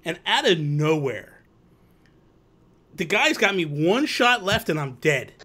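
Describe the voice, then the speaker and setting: A man hosting a relaxed live chat, spinning gaming stories with quick acted-out quotes. His voice sits a little high and swings widely in pitch. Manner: animated storyteller, acts out quotes. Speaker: host. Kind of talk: casual chat.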